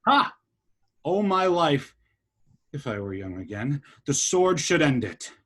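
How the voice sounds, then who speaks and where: A man reading a testy old country justice in a casual amateur play reading, with slow, measured blustering. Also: on the high side, sing-song, a bit bright, exaggerated voice.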